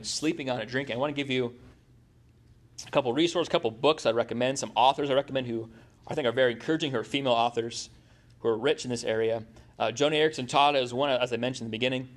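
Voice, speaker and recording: Middle-aged guy preaching, chatty, keeps asking the room questions. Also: medium pitch. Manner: conversational, asks the congregation questions. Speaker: pastor. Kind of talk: sermon.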